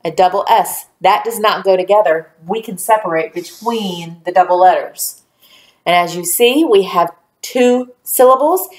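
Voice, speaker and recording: In a recorded phonics lesson for young children, a woman speaks slowly and clearly and praises their answers. Her voice is medium in pitch, and the sound is roomy.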